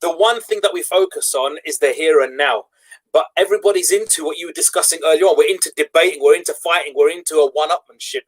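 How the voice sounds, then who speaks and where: A man's voice: a little high, quick pace. An English man hosting a casual online talk show, rambling with restarts and laughing as he goes. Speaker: show host. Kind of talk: casual debate chat.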